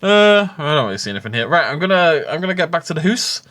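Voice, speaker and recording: A man's voice: on the high side, sing-song, fast, fairly bright tone. Rambling guy narrating his gameplay. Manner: chatty, self-mocking, laughs often. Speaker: gaming YouTuber.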